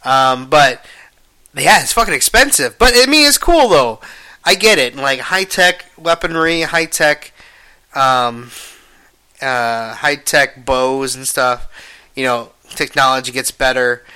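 A young man hosting a podcast, rambling casually and cursing a lot, swinging between low mumbles and loud exclamations. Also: expressive, takes it slowly, clean tone. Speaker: podcast host.

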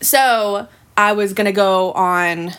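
A woman's voice: medium pitch, slow, a bit bright, smooth. A woman in her twenties, co-hosting a podcast, chatting casually and telling a story with lots of filler words. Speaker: podcast co-host.

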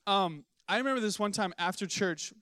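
Young male pastor, slightly high voice, dry close sound, animated storyteller in the pulpit. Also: a little fast, dry recording. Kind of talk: sermon. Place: church sanctuary.

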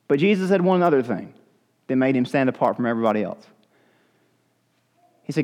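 A man preaching a sermon as pastor, animated and acting out scenes from scripture with shifting voices. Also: medium pitch, brisk, pauses often, long reverb tail, poor audio. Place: church sanctuary.

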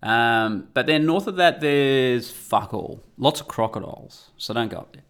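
A middle-aged man with an Australian accent talks loosely and irreverently, swearing freely and wandering off on tangents. His voice sits at an ordinary middle pitch for a man, recorded at home. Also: expressive, a little slow, fairly bright tone, clear, resonant tone. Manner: irreverent, rambling, profane. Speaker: guest podcast host. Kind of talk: casual monologue. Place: home room.

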